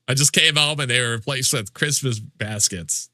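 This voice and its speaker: A man's voice: mid-range voice, moderate pace, pushed and bright, no room sound, studio quality. A man streaming a game live, chatting casually with viewers in mock-indignant, joking complaints and swearing freely. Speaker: livestreamer. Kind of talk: casual livestream chat with viewers.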